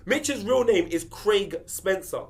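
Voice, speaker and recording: A man's voice: sits high, takes it slowly. A man joking and telling stories in football panel banter. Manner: animated storytelling, teasing. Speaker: panel regular.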